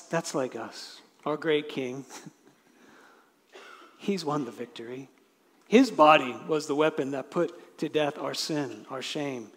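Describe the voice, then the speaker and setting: A male pastor giving a sermon. He swings from loud, emphatic declarations to hushed, near-whispered lines, with conversational asides and light laughs. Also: mid-range voice, in a large hall.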